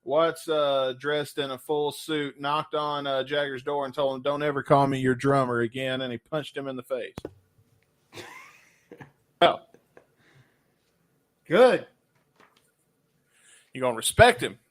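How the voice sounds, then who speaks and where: A man co-hosting a casual podcast and reading quiz questions, loud and crude with lots of joking. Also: mid-range voice, measured pace, pauses often. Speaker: podcast co-host.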